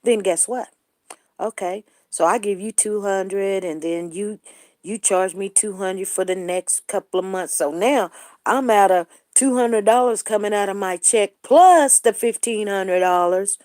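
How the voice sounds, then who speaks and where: A middle-aged woman hosting a casual talk show, telling a story in lively chat and acting out the people she quotes. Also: mid-range voice, unhurried, no room sound, studio quality. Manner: animated, acts out quoted people. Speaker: show host.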